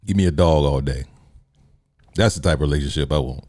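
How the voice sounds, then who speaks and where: A man's voice: a bass voice, fast talker, darkish tone, no room sound, clean studio sound. A man hosting a solo podcast, talking casually in a joking, rambling way and laughing often. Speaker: podcast host.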